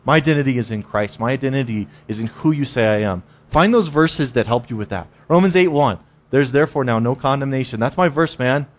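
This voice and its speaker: A man's voice: mid-range voice, brisk. A man giving a casual, conversational sermon, often repeating words and acting out inner voices. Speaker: preacher.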